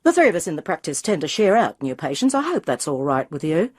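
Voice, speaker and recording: A woman doing a brisk Australian dentist. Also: fairly high pitch, huge pitch swings, breathy edge, exaggerated voice. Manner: brisk, offhand. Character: fit Australian male dentist about forty, offhand.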